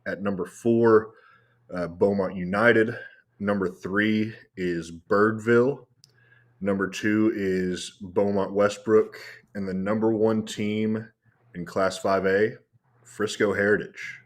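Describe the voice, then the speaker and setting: A man's voice: on the low side, fairly even intonation, slow. A man co-hosting a casual podcast, reading a ranked list steadily with small uh fillers. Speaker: podcast co-host.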